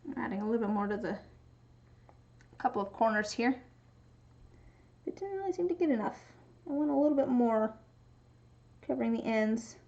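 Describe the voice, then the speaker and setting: A woman's voice: fairly high pitch, lively intonation, normal speed, pauses often, a little mellow, muffled recording. A woman from the Pacific Northwest with a light regional American accent, chatting casually and rambling with lots of restarts while she streams her crafting. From Pacific Northwest, USA.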